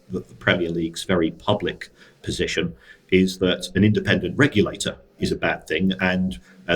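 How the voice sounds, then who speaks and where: Deep-voiced man talking football finance. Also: slightly rough, rough recording. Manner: dry, wry asides, frequent restarts. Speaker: co-host, football finance expert. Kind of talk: casual podcast discussion.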